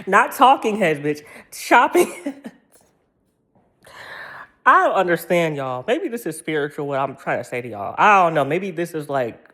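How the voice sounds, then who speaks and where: A woman's voice: deep voice, fairly bright tone. An American woman ranting in a vlog, profane and rambling, laughing through her anger. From United States. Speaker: vlogger.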